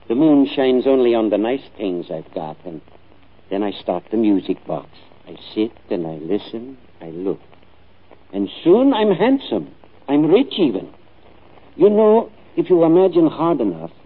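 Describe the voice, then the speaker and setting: An actor playing a kindly, lonely secondhand shopkeeper who talks in a gentle, confiding way, in an old film. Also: male voice, medium pitch, sing-song, measured pace, breathy edge. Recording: tinny lo-fi old film soundtrack.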